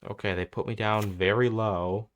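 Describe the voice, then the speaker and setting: A man's voice: fairly low pitch, fairly even intonation, normal speed. A young man commenting on his own card game match as he plays, thinking aloud, swearing and getting exasperated. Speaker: content creator playing a card game. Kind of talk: gameplay commentary.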